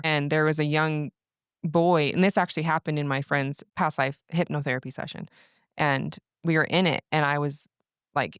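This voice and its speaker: A woman's voice: low voice, clear, resonant tone, no echo, studio quality. A young adult woman, a podcast guest, telling a personal story in casual chat, rambling with lots of "like" and restarts. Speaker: podcast guest, breathwork practitioner.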